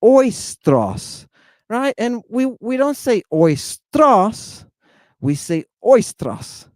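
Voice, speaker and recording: A livestream lecturer with a swooping, animated voice that leans hard on each point and keeps asking the audience to follow along. The delivery is unhurried and deliberate, with blunt, provocative asides. It sounds close and dry, with no room around it. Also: medium pitch, no room sound. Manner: emphatic, with frequent rhetorical "right?" checks. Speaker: lecturer and host. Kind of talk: livestreamed lecture on ancient Greek.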